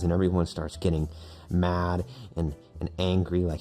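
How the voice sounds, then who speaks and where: A man improvising a goofy story live on a stream, in a deep, low voice. He rambles, with plenty of "uh" and "like" between thoughts. Faint music plays in the background. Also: level tone, normal speed, dark tone. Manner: rambling, full of fillers. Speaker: streamer narrating his drawings.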